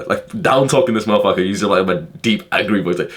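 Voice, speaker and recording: Fast-talking low-voiced young man. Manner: profane, heavy use of "like" fillers, animated retelling. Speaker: vlogger. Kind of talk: casual storytelling monologue.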